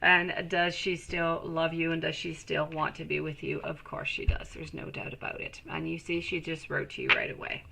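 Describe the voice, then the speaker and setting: A woman's voice: deep voice, level tone, normal speed, creaky, hardly any pauses, bright, forceful tone. A woman giving live tarot readings to viewers, reassuring and calling them sweetie. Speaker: tarot reader.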